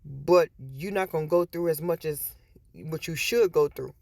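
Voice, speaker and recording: A woman's voice: low-pitched, moderate pace, gravelly, a little mellow, no room sound. A woman vlogger talking casually to her viewers, chatty and repetitive, retelling stories with quoted voices. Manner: chatty, repeats words, storytelling with quoted voices. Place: in a store.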